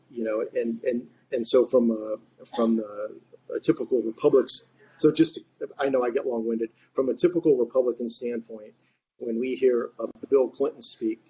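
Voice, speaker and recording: A man's voice: medium pitch, dark tone. A man giving long, rambling remarks in a group discussion, full of fillers and restarts. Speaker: discussion participant. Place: online reading group. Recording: muffled, faint background noise.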